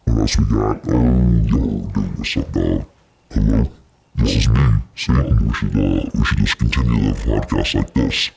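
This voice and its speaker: A gravelly tough guy with a rumbling, very deep voice. The sound is raspy and full of fry. He speaks slowly and jokingly. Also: steady tone, darkish tone, heavily acted. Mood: goofy.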